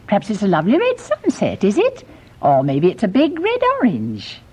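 A woman's voice: medium pitch, huge pitch swings, normal speed, dark tone, husky. A woman playing a prim, gushing nursery teacher who talks in a sugary, patronising, falsely patient way.

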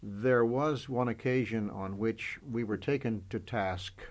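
A man who performs voices, telling animated anecdotes as an interview guest and laughing often. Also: lowish voice, measured pace.

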